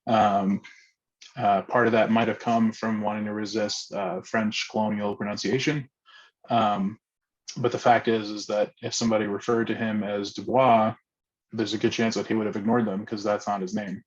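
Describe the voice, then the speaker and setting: A man's voice: fairly low pitch, flat delivery, normal speed, muffled recording. A man facilitating an online group discussion, speaking hesitantly with many ums and restarts.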